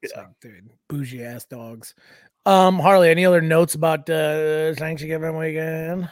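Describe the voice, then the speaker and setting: Podcast co-host, man, higher voice, dry close sound, animated and profane. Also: a little slow, no echo. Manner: animated, swearing, lots of fillers and voiced bits. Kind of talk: casual chat.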